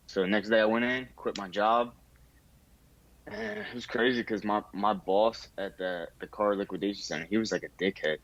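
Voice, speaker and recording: A man's voice: fairly low pitch, fairly even intonation, normal speed, dull audio. A young man, a barber, telling his story in a casual interview, laid-back with many fillers and acted-out quotes.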